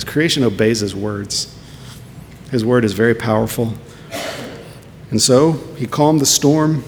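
A man preaching a sermon as pastor, earnest and full of rhetorical questions. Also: gravelly. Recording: long hall reverb with faint rumble.

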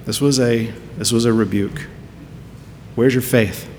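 A male pastor preaches in an earnest sermon voice, pressing his listeners with rhetorical questions. His mid-pitched voice has a gravelly edge. It rings with a long hall reverb over a faint low rumble. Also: fairly even intonation, measured pace, a little mellow.

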